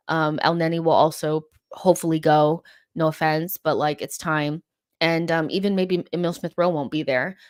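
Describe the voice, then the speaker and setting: A woman's voice: low voice, no room sound, clean studio sound. A young woman hosting a live fan question-and-answer stream, chatting casually and opinionatedly with lots of "like"s and fillers. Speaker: host of a live fan Q&A show.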